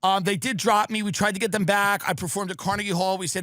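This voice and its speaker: A man hosting a comedy podcast who riffs in a sarcastic, rambling way with deadpan asides. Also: high-pitched, quick pace, no room sound. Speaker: host.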